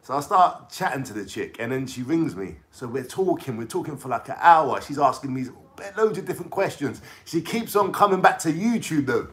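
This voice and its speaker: A man's voice: on the high side, animated, a little fast, hardly any pauses. Rambling young London man telling a story. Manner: rambling, slangy, keeps checking in with "yeah?". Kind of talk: casual storytelling vlog.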